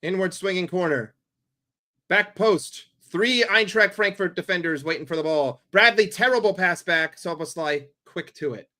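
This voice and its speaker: A New York man commentates football live on his watchalong stream, swearing constantly and dripping with sarcasm. His somewhat high voice has a very bright, forceful edge, sliding from low grumbles into loud yells at a normal speed.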